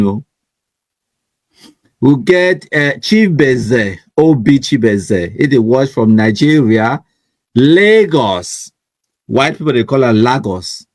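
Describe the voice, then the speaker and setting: An online news show host with a Cameroonian accent runs a casual live stream, switching between English and Pidgin as he reads viewers' comments aloud and teases his way through them. He's chatty and laughs often, speaking at a medium pitch on a dry recording.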